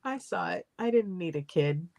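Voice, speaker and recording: A woman co-hosting a casual chat, speaking in a calm, measured way and giggling easily. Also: fairly low pitch, gravelly, no echo.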